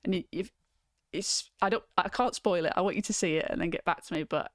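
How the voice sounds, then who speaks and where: A woman's voice: fairly low pitch, fast, no room sound. Brief: woman, stream host, chatty and loose, dry close sound. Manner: chatty, reads out viewer comments, frequent ums. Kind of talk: casual chat on a livestream.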